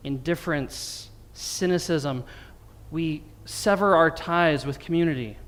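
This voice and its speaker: An American man preaching from the pulpit, his voice sitting high for a man. He talks to the congregation conversationally and slips in dry jokes. A long church reverb trails each phrase. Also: a bit bright. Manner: conversational, wry humor. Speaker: pastor. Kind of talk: sermon. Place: church sanctuary.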